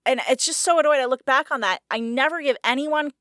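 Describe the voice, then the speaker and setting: A woman's voice: sits high, fairly quick, fairly bright tone, no echo, clean studio sound. A woman co-hosting a casual podcast, talking frankly and laughing often. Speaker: podcast co-host. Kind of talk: casual chat.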